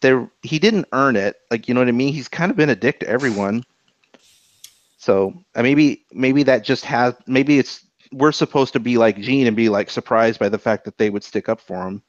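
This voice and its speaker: A man's voice: medium pitch, moderate pace, no echo. Hesitant man on a lo-fi podcast mic. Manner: hesitant, many restarts and fillers. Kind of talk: casual podcast chat. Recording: dull lo-fi dry sound.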